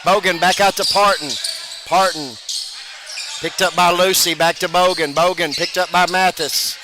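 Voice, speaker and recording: A man doing brisk play-by-play commentary of a basketball game, his voice jumping up loud on big plays. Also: sits high, fairly even intonation. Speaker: play-by-play announcer. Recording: broadcast over loud gym noise.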